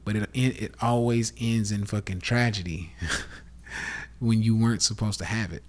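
A man's voice: lowish voice, steady tone, normal speed, darkish tone. A man with a Southern accent hosting a casual rant podcast, blunt and profane, lecturing his listeners as y'all. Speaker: podcast host.

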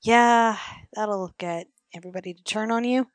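A woman's voice: medium pitch, moderate pace. A woman co-hosting a podcast in casual chat, laid-back with mostly brief replies. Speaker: podcast co-host.

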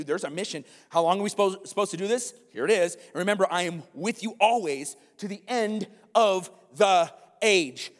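A male pastor preaching a sermon, animated, with frequent rhetorical questions to the congregation. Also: sits high, normal speed, big-room sound.

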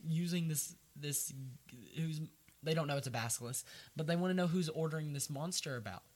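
A man chatting casually as a podcast co-host, retelling a book and acting out the characters in quick voices. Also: a little high, darkish tone.

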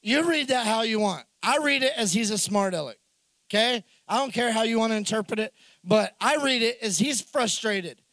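A man preaching a sermon in an animated way, acting out the characters' lines in the story. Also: high-pitched, normal speed, dry recording. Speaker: pastor.

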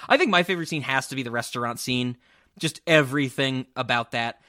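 A man's voice: mid-range voice, brisk, sharp tone, dry recording, studio quality. A man co-hosting a podcast in casual chat, talking enthusiastically and laughing often. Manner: enthusiastic, laughing, acts out quotes. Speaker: podcast co-host.

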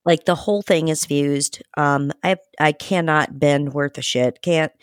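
Woman podcast host, low voice, frank and chatty, dry close sound. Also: fairly even intonation, a little slow, smooth, no echo. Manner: frank and chatty, swears casually. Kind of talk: casual podcast chat.

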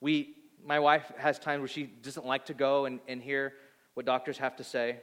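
A man in his thirties preaching a sermon, animated, acting out voices and swinging between loud and soft. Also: medium pitch, moderate pace. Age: 30s. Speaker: pastor. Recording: long hall reverb.

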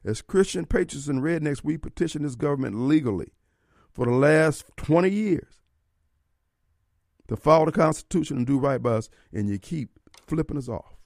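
A man's voice: fairly high pitch, lively intonation, moderate pace, vocal fry, a little mellow, no room sound, clean studio sound. Fiery talk radio host, man. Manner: preachy, fiery, rhetorical questions. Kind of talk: opinionated talk radio monologue. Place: radio studio. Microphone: studio microphone.

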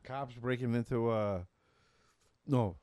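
A man's voice: mid-range voice, steady tone, slow, mellow, clear, resonant tone, dry recording, clean studio sound. A man co-hosting a prank call stream, chiming in with jokes and casual chat. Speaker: co-host.

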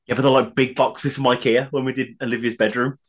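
A man co-hosting a casual podcast, easygoing and quick to laugh along. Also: medium pitch, little pitch movement, a little hiss or hum. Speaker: podcast co-host.

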